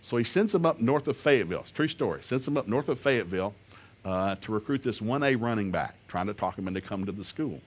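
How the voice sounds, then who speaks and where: A man telling a humorous story to an audience, animated and laughing often as he talks. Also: lowish voice, fast, breathy edge. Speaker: speaker.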